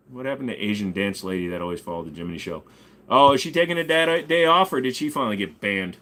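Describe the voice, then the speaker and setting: A man's voice: medium pitch, lively intonation, fast, sharp tone. A man hosting a casual ask-me-anything livestream, joking, swearing and reading chat while bidding on items. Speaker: streamer host.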